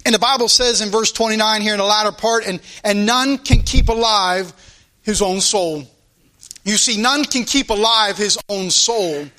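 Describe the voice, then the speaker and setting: A man's voice: sits high, normal speed, pushed and bright. A man preaching a sermon to his congregation, fervent and repetitive, stretching out key phrases for emphasis. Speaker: pastor.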